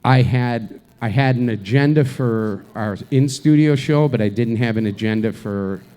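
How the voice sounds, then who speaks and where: This co-host's mid-range, mellow voice moves at a moderate pace as he rambles through a story at a live event venue. It's casual show banter, laced with crude jokes and plenty of false starts.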